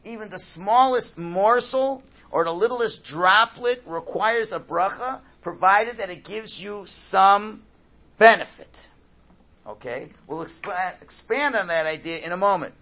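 A man teaching a religious class, explaining slowly, repeating his key points, and often checking in with "right?". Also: sits high, animated, pushed and bright. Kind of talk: classroom Torah lesson.

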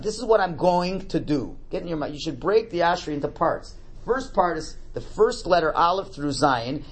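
A man with a high, breathy-edged voice teaches a prayer text as a religious teacher. His delivery is animated: he raises questions, supplies the answers himself, and often repeats words in his explanations.

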